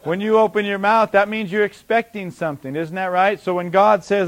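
A man with a high voice preaches a sermon in an easy, conversational way. He asks the congregation rhetorical questions and answers them himself, and his voice swells with emphasis as he presses a point. When he reads scripture, his delivery becomes slow and deliberate. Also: fairly even intonation. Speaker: pastor.

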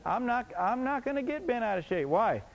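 A man's voice: very high-pitched, big pitch swings, fairly quick, vocal fry, poor audio. A man preaching a sermon emphatically, repeating his points and asking the congregation rhetorical questions.

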